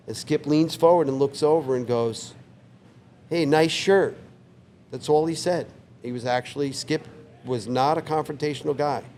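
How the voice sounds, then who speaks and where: A man in his sixties, a longtime bar owner, telling a story in a relaxed, vivid way on a couch in his bar. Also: medium pitch, a little hiss or hum. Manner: relaxed, vivid anecdote teller who acts out quoted lines. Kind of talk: casual storytelling interview.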